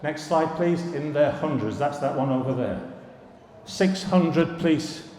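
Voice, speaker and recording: A man's voice: a little high, a little slow, darkish tone. Older man telling stories in an echoey hall. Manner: storytelling, wry asides and jokes. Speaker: former students' union president giving an anniversary speech. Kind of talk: anecdotal speech to an alumni audience. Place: large hall at a live event. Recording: echoey hall, reverberant room.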